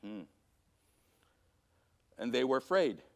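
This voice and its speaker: A man teaching a church Sunday school class from scripture, animated, swinging from loud emphasis to quiet, low passages. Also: slow pace, creaky. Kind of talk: Bible teaching. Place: church auditorium.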